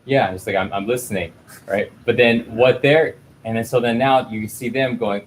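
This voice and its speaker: A man hosting a casual chat while stretching, animated and acting out the voices he quotes. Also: medium pitch, normal speed, slight background noise. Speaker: host.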